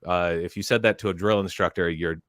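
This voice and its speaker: Male podcast storyteller, low voice, animated, dry close-miked studio sound. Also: a little fast, no room sound. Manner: animated, barks quoted drill lines. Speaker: podcast panelist. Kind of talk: casual storytelling.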